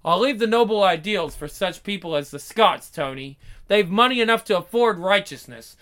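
An actor playing a proud, hot-tempered young husband who talks in a brusque, streetwise way, in 1940s radio acting. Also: male voice, sits high, expressive, moderate pace, fairly bright tone. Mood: defiant. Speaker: gas station owner, husband.

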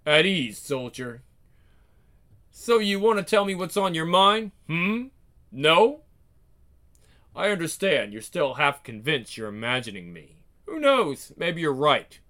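A man voicing a weary, menacing male spirit of a soldier, speaking in a low, intimate, taunting way. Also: sing-song, slow pace, long pauses, pushed and bright, heavily acted. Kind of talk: one-man script reading.

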